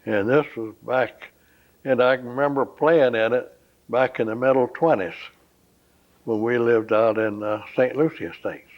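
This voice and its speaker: Slow-talking older man reminiscing. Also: medium pitch. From Florida, USA. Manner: slow, rambling, pauses often with "uh". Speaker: interviewee. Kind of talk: oral history interview. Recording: dull lo-fi recording.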